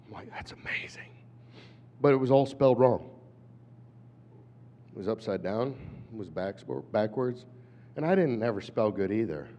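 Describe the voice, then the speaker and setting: A man in his fifties, an animated storyteller who acts out voices, giving a talk at a conference. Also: fairly low pitch, moderate pace, pauses often. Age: 50s. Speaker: conference speaker. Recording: dull hall recording with long reverb.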